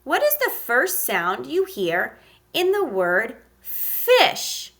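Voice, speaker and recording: Slow, bright-voiced woman teaching phonics. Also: sits high, huge pitch swings. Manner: slow, encouraging, sounds out letters with exaggerated emphasis. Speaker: kindergarten teacher. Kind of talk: phonics lesson for young children.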